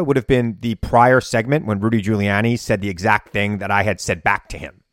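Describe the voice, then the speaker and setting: A man hosting his own podcast, telling a story in a casual, animated way, sometimes yelling for effect. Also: medium pitch, no room sound, studio quality. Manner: animated storytelling, bursts of yelling when reenacting. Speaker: podcast host and political commentator. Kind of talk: casual solo podcast monologue. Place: home basement studio.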